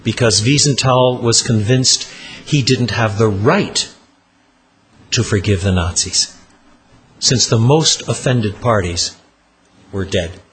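A man preaching a sermon with dramatic storytelling, dropping low and slowing down on key words.

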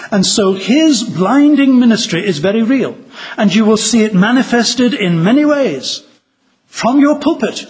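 A man preaching a sermon to fellow ministers, earnest and measured, reading a story aloud with drama. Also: high voice, animated, breathy edge.

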